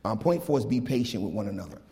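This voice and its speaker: A man preaching a casual, lively sermon, animated and full of slang, talking to his congregation like old friends. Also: on the low side, fast talker, creaky. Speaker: pastor. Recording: long hall reverb.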